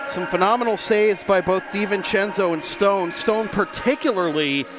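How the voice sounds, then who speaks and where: Music plays in the background as a man with a high voice does live play-by-play of a hockey game from the press box. He starts a bit breathless, then calls the action quickly and energetically.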